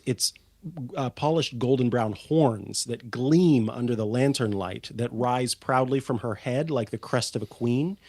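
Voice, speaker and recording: A man narrating as game master of a tabletop game, unhurried and full of ums and uhs. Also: medium pitch, a little mellow, no room sound.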